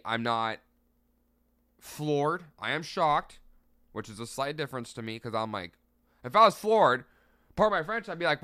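A man's voice: medium pitch, bright, forceful tone, no room sound, studio quality. A young man hosting a casual solo sports podcast, speaking candidly and emphatically and swearing freely. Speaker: podcast host.

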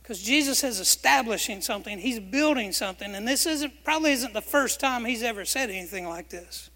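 High-voiced pastor preaching in a reverberant hall. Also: male voice, expressive, a little fast, sharp tone. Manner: emphatic, asks the congregation questions and has them repeat phrases. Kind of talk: sermon. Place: church sanctuary.

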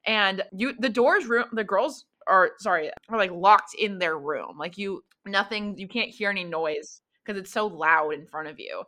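Woman game master, bright tone, rambling casual narration of a tabletop session. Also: mid-range voice, normal speed, hardly any pauses. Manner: loose, rambling narration full of fillers. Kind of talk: narrating a tabletop role-play.

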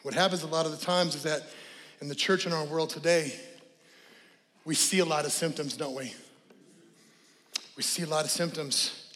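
A middle-aged man, a pastor giving a sermon, who talks in an animated way, sometimes rising to shouts and sometimes slipping in joking asides. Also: on the high side, moderate pace, pauses often, big-room sound. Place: church sanctuary.

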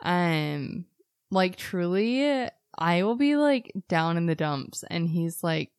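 A woman co-hosting a casual podcast, talking in a relaxed way with many fillers and frequent laughs. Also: fairly low pitch, takes it slowly, clear, resonant tone, dry recording, clean studio sound. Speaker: podcast co-host, esthetician.

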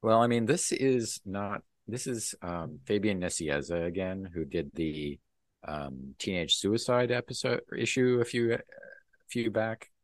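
Slow, deep-voiced man recapping comics. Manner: relaxed, rambling, full of ums and laughs. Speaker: podcast co-host. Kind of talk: casual chat recapping a comic book.

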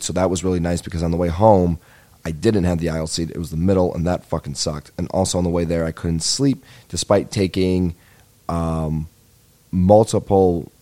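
Low and dark, the voice belongs to a young man hosting a comedy podcast. He sounds a bit worn out as he rambles casually through crude, self-deprecating anecdotes.

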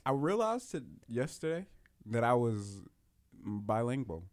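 A man's voice: mid-range voice, sing-song, unhurried, no room sound, studio quality. A young man chatting animatedly, acting out quoted people in different voices. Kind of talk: casual chat.

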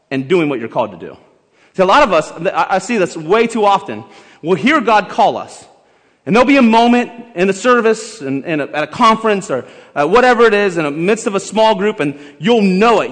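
A man preaching a sermon, emphatic and building to loud exhortation, in a church sanctuary. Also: sits high. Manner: emphatic, rising to shouted exhortation, leads the congregation in song. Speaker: pastor. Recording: long hall reverb with faint music.

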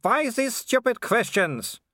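A man's voice: extremely high pitch, sing-song, slow, pushed and bright, no echo, clean studio sound, pitched above the performer's own voice, heavily acted. A man voicing a mocking young male werewolf aristocrat in an audiobook, taunting and sneering.

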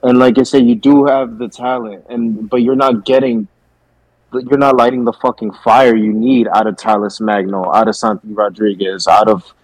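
A man's voice: mid-range voice, flat delivery, moderate pace, darkish tone, no echo, rough recording. A man guesting on a casual sports podcast who rants heatedly and swears often. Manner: heated, profane ranting.

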